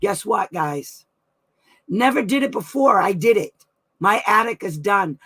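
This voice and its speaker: A woman's voice: mid-range voice, animated, measured pace, fairly bright tone, breathy edge. A middle-aged woman hosting a weekly live advice stream from home, chatting effusively and laughing often. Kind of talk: casual live-stream chat.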